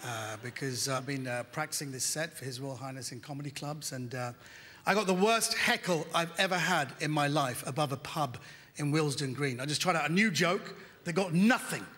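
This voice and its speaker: A man in his fifties from Britain doing animated stand-up comedy in a large theatre, breaking into shouts and sung lines. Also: a little high, a little fast. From United Kingdom. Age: 50s. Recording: theatre hall, audience noise. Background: crowd laughter.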